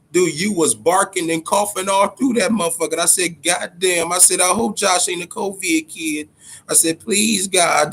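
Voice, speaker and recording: Profane, animated boxing stream host. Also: male voice, high voice. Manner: profane, animated, greets chat viewers. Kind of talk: casual livestream chat.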